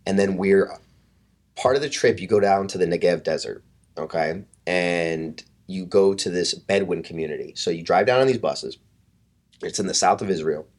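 A man's voice: deep voice, moderate pace. A man, a fitness coach, casually telling a story as a podcast guest, swearing freely and acting out other people's lines. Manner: animated, profane, acts out quotes in hushed voices.

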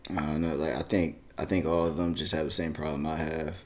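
A man's voice: very deep voice, level tone, brisk. A man in casual chat, rambling in a self-mocking, confessional way.

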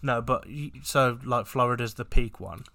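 A man co-hosting a casual chat, relaxed and teasing, often restarting his sentences. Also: medium pitch, moderate pace, creaky, no room sound.

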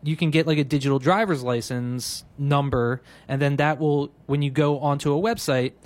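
A man's voice: a little high, fairly even intonation, moderate pace. Chatty podcast co-host man. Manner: chatty, laughs often, loose run-on explaining. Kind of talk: casual comedy podcast chat.

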